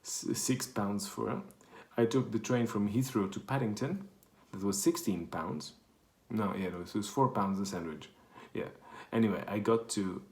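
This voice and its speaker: A man from Portugal with a Portuguese accent and a lowish, slightly mellow voice tells a rambling casual anecdote, correcting himself as he goes. The recording has an echoey room sound.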